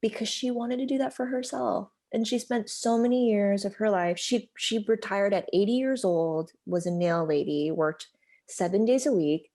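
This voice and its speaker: A woman's voice: medium pitch, normal speed, mellow. An American woman in her thirties, a podcast guest telling a personal story in a candid, heartfelt way, full of "like" and "you know". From United States.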